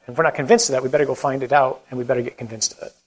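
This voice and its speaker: A man's voice: medium pitch, racing, rough recording. A Catholic priest giving a conversational talk on evangelization and leading a closing prayer, acting out quotes as he goes. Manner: animated, conversational preaching with acted-out quotes.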